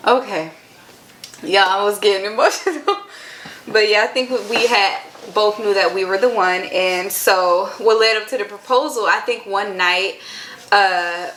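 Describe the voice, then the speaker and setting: A woman's voice: medium pitch, a bit bright, reverberant. A woman in her twenties chatting to camera in an earnest, chatty way with lots of filler words. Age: 20s. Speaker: vlogger. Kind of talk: casual chat to camera.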